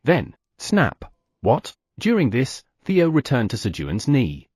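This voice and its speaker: A man narrating an audiobook, telling the story with lively sound effects. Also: medium pitch, slow pace, breathy edge, no room sound, clean studio sound.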